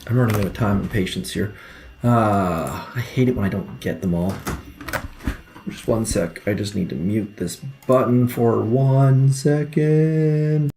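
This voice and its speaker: A man's voice: lowish voice, a little slow, dark tone, slight background noise. A young man giving casual gameplay commentary from home, muttering frustrated, self-deprecating remarks as he plays. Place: home room.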